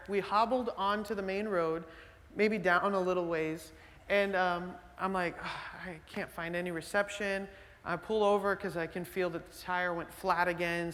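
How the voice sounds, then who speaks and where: A man's voice: high voice, long reverb tail. Chatty male pastor telling a story. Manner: conversational, animated storytelling with filler words and restarts. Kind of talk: sermon with storytelling. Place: church sanctuary.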